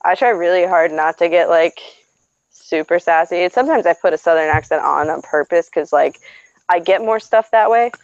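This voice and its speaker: A woman co-hosting a casual bar chat, chatty and quick to laugh. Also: fairly low pitch, no room sound, muffled recording. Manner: chatty, laughs often, mimics voices. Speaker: podcast co-host.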